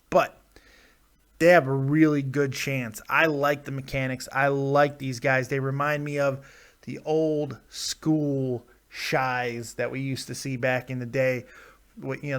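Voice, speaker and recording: A man's voice: medium pitch, fairly bright tone. A man hosting a live show in casual, rambling talk, joking and teasing himself. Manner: rambling, self-deprecating, jokey. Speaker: host.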